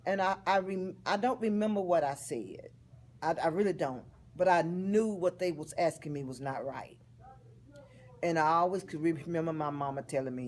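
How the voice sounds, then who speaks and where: A woman, telling a personal story in an interview in a heartfelt, expressive way. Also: fairly low pitch, a little fast, a little hiss or hum. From Texas. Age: 50s.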